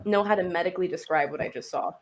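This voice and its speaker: A young adult woman telling a funny story in casual chat, lively and laughing, acting out the other people in her story. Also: on the low side, rapid-fire, a little hiss or hum. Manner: animated, laughing, acts out quoted voices.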